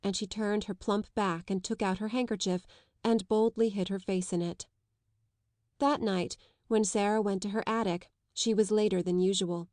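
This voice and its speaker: Female narrator for a classic novel, even and measured, dry close recording. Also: mid-range voice, no room sound. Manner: measured, even literary reading. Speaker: audiobook narrator.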